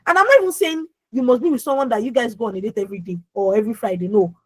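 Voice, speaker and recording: Loud, high-voiced woman coach. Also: very fast, no echo, rough recording. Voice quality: naturally loud voice. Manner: emphatic, repeats words and asks the audience questions. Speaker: emotional healing coach. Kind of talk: lively motivational talk on an online call. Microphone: video call.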